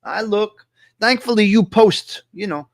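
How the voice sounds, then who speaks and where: A man's voice: sits high, a little slow, no room sound, studio quality. A man hosting a casual live-stream chat, talking to viewers and repeating his points with emphasis. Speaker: host.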